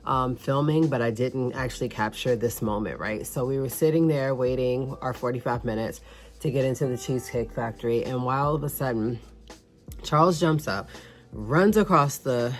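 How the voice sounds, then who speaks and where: A young adult woman narrates her travel vlog in an easygoing, conversational way. Her voice is strikingly low for a woman. She talks straight to her viewers, like she's catching up with friends. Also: moderate pace, soft background music. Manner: chatty, storytelling, addresses viewers as y'all. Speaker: vlogger. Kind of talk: casual vlog voice-over.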